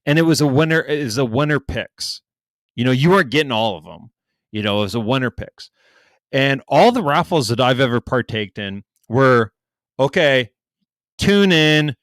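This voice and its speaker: Animated, profane man telling a story. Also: mid-range voice, moderate pace, dry recording. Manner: animated, profane, acts out quotes in a raised voice. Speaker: podcast co-host. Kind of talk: casual storytelling chat.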